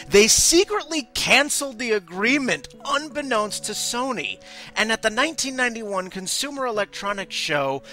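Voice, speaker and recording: A man co-hosting a casual podcast panel, telling the history in an animated way and acting out quotes along the way. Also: high-pitched. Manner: animated storytelling with put-on quotes. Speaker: podcast co-host.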